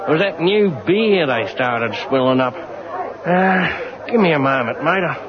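An old, boozy Australian journalist rambles and loses his thread in a slow, sing-song drawl. His voice lifts and drops a lot. Crowd chatter fills the background of a dull, lo-fi recording. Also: on the high side, animated. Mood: muddled.

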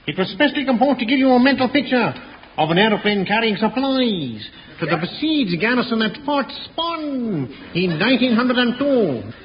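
A man's voice: very high-pitched, big pitch swings, moderate pace. A man narrating as an announcer in a mock-grand style. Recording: lo-fi old radio recording.

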